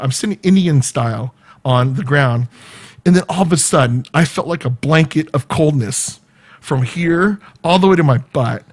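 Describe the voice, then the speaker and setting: A man's voice: a little high, moderate pace, husky. A man from California, telling a story in a casual vlog, laughing often and acting out what people said. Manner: animated, laughs often, acts out quoted dialogue. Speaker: vlogger.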